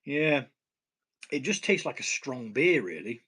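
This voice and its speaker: Blunt, bright-voiced British man. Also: mid-range voice, very animated, unhurried, slightly rough. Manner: blunt, swears casually, laughs at himself. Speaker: home brewing channel host. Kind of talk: casual live stream chat.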